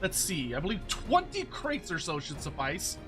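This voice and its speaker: A man's voice: sits high, wildly swooping pitch, normal speed, bright, forceful tone, soft background music, exaggerated voice. A man voicing a brash middle-aged woman, a cook and healer mother who bosses others around. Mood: scolding. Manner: bossy, scolding.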